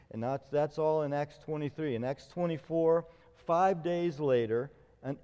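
A middle-aged man preaching a sermon as a pastor, telling stories with lively acted-out quotes. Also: fairly high pitch, long reverb tail, dull audio. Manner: storytelling, animated retelling with acted quotes.

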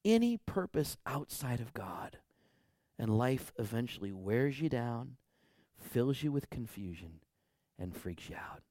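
A man's voice: mid-range voice, very animated, unhurried, no room sound. Pastor, a man, preaching in a dry room. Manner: storytelling with big swings from hushed to loud. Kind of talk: sermon.

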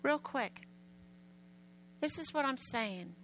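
A woman preacher telling a story to her congregation in an animated, emphatic way, often getting loud. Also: high-pitched, takes it slowly, slight background noise, low-quality recording. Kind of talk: sermon storytelling.

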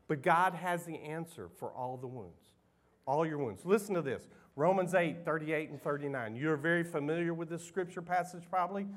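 Man, pastor, sermon, emotional storytelling, fairly high voice. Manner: emotional, conversational storytelling with fillers.

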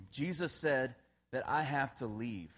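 A man's voice: mid-range voice, fairly bright tone, breathy edge. Casual-talking man preaching a sermon. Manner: casual, asks the congregation questions, laughs at his own jokes. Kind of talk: conversational sermon.

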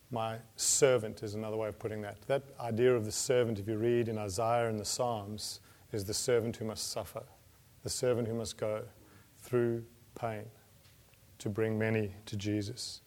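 A male preacher delivers a sermon in an ordinary mid-range voice. He speaks earnestly, pushing some phrases with force and letting others fall quiet. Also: mid-range voice, fairly even intonation, moderate pace. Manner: earnest, rising to emphatic peaks then dropping soft.

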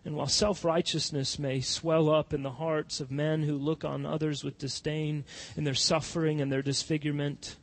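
A man preaching a sermon as pastor, swinging from loud impassioned cries to soft, hushed pleading. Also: on the high side, little pitch movement, normal speed, few pauses.

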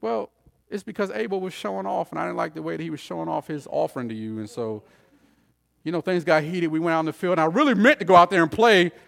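A man's voice: on the high side, fast, creaky, long reverb tail, pitched above the performer's own voice. A male preacher voicing a resentful, jealous brother who rambles on, excusing himself casually. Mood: defensive. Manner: self-justifying, rambling, casual. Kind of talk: sermon role-play.

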